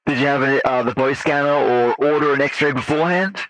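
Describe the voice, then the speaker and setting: A man's voice: mid-range voice, brisk, fairly bright tone, dry recording, natural voice, poor audio. A man playing a procedural interrogating agent. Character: male agent running a post-incident interview.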